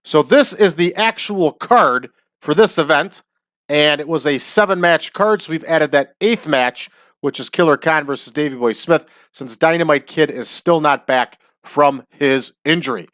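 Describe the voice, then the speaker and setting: A man talking casually over a wrestling booking game, with chatty asides and drawn-out hype calls. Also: fairly high pitch, fairly bright tone, dry recording, studio quality. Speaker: wrestling sim game host.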